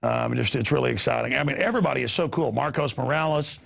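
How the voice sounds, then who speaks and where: Gravelly, excitable middle-aged male host. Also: fast talker. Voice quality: gravelly, husky voice. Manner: excitable, repeats words, jumps between pitches. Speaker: talk show host. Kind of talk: animated rambling talk-show chat.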